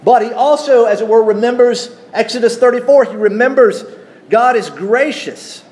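A man preaching a sermon, teaching at an unhurried pace and putting questions to his congregation. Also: extremely high pitch, darkish tone. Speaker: pastor.

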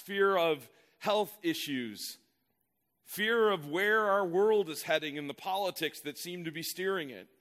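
A man's voice: on the high side, fairly bright tone. A male pastor preaching a sermon in an earnest, emphatic way, often repeating words as he builds a point.

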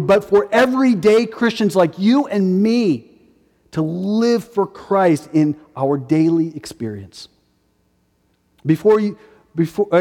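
Man in his forties, pastor's sermon, emphatic, repeats himself, fairly high voice, long hall reverb. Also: darkish tone. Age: 40s. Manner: emphatic, repeats key phrases.

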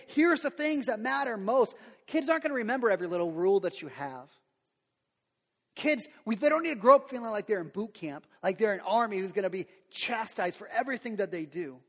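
A middle-aged man preaching a sermon as a pastor, animated, acting out quotes and sound effects. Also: high-pitched. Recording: long reverb of a large hall.

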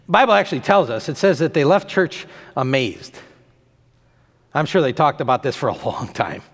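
A male pastor preaches with an animated, emphatic delivery, building on repeated phrases. His voice sits a bit high. A long reverb trails every line. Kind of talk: sermon.

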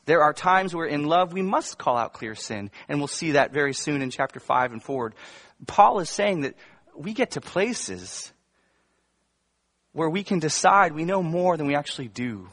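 A man's voice: a little high, expressive, normal speed, fairly bright tone. A male pastor preaching a sermon to his congregation in a conversational way, with humorous asides and emphatic bursts. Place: church before a congregation.

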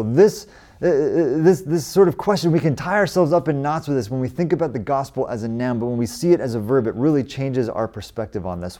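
Brisk and dark-toned, this mid-range male voice belongs to a US pastor in his forties. He preaches conversationally, his voice climbing with emphasis when he cites scripture.

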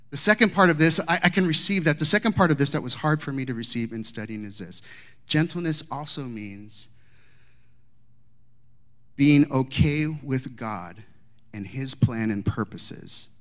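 A middle-aged man giving a sermon, telling a story and moving between quiet asides and raised, emphatic lines. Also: mid-range voice. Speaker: pastor.

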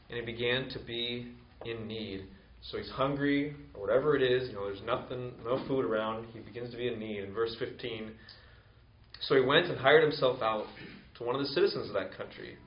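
A man giving a conversational sermon, rambling casually with many fillers. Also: mid-range voice. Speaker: pastor. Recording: roomy, slightly dull sound.

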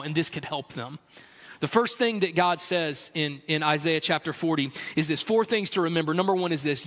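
A male pastor delivering a sermon in a large church. His voice sits high, and his delivery is earnest and chatty with a playful streak. A long reverb hangs behind him. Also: a bit bright. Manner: earnest and conversational, with a playful humor.

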